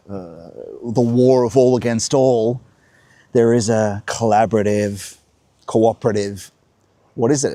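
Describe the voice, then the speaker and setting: A man's voice: fairly low pitch, warm tone, no echo. A man hosting a live-streamed talk while walking outdoors, musing and answering his own questions. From Australia. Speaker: host. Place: outdoors by the coast.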